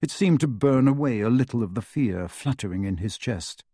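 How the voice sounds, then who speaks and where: A man narrating an audiobook in a steady, measured storytelling voice. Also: mid-range voice, slightly rough, dry recording, studio quality. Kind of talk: scripted narration.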